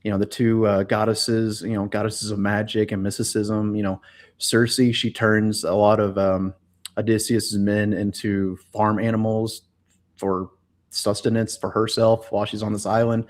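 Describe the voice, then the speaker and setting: Low-voiced man, hesitant and casual. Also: little pitch movement, moderate pace. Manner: hesitant, many fillers, casual storytelling. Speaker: guest expert. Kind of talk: live-streamed discussion.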